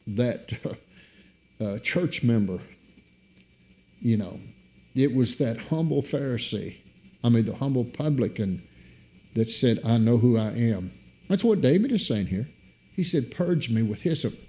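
A middle-aged man preaching a sermon, his voice jumping up suddenly in pitch and loudness to drive points home. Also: lively intonation, measured pace, long pauses.

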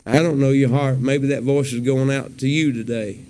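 A man preaching a sermon in a folksy way, swinging from low murmurs to high, loud cries. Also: fairly even intonation, normal speed, a little hiss or hum. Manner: folksy, colloquial phrasing.

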